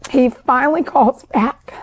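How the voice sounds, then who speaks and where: A woman with a high-pitched voice tells her story as a podcast guest. She is talkative, and her sentences spill out with lots of "like" and "um.". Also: unhurried, slight background noise. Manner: talkative, with many fillers like "like" and "um"; describes herself as an overachiever and people pleaser who is always talking. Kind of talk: emotional personal storytelling.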